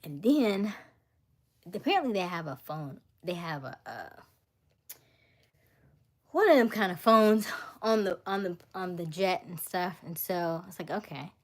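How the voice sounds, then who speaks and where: Livestream host, woman, lively casual storyteller who laughs often. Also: lowish voice, unhurried, pauses often. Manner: animated, laughing, acts out voices.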